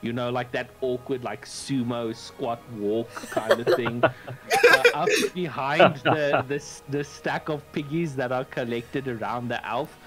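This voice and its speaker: A man's voice: mid-range voice, animated, unhurried, loud music behind the voice. A man playing a tabletop game, describing his character's actions hesitantly and laughing as he goes. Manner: hesitant, laughs mid-sentence. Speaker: player. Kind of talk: casual tabletop play.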